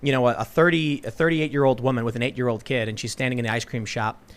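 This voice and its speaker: A man hosting a casual panel discussion, telling stories in an animated way and often restarting his sentences. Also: mid-range voice, fast talker. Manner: animated storytelling with repeated restarts. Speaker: host.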